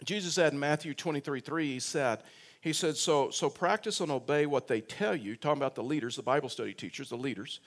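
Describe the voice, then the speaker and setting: A man's voice: on the high side, brisk. Man preaching a chatty sermon. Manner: conversational, repeats words and restarts, rises for emphasis. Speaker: pastor. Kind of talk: sermon with personal story.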